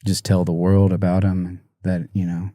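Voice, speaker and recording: A man telling a painful personal story in an interview, halting and soft-spoken with many pauses, emotional and near tears. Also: low-pitched, monotone, dry recording, studio quality. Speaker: musician guest.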